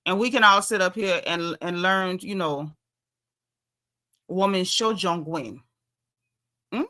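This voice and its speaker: A woman's voice: fairly low pitch, moderate pace, bright, forceful tone. A woman with a Southern US accent hosting a casual livestream, talking bluntly and sassily while reading out viewer comments. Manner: sassy, blunt, chatty with dialect. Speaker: livestream host.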